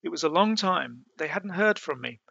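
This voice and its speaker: Gravelly man telling travel stories. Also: a little high, animated, moderate pace, bright, forceful tone, no echo, highs cut off. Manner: hesitant, many fillers and restarts. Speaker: interview guest. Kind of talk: storytelling in a conversation.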